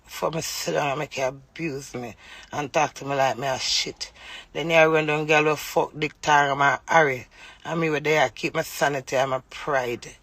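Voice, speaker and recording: A woman's voice: low-pitched, steady tone, moderate pace, fairly bright tone, no room sound. A woman with a Jamaican accent, ranting heatedly and scolding her husband directly on a vlog. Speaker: vlogger. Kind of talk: angry live rant.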